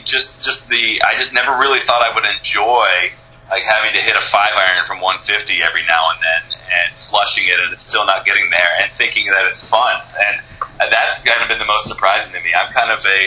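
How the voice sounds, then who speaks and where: Male radio guest, American, low and sharp-toned, enthusiastic and rambling. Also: rough recording. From United States. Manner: rambling, enthusiastic, many restarts. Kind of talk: casual interview chat.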